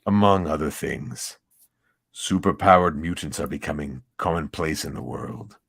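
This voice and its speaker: A man putting on a gloating, aristocratic villain for a comic reading, cold and menacing. The voice sits very low and rumbles. He drags out each word slowly and deliberately. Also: gravelly, a bit bright, breathy edge, no room sound, clean studio sound, full character voice.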